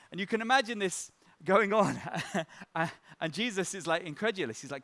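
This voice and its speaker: A man's voice: sits high, lively intonation, fairly quick, a bit bright. A middle-aged man preaching a sermon in a light-hearted, conversational way, telling stories and chuckling. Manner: conversational, with frequent fillers and restarts.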